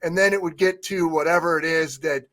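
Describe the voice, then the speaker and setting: A man with a somewhat high voice reads the news on a talk radio show. He banters in an easygoing, wry way and pokes fun at himself. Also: fairly even intonation, fairly quick, a bit bright. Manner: easygoing, wry, self-deprecating.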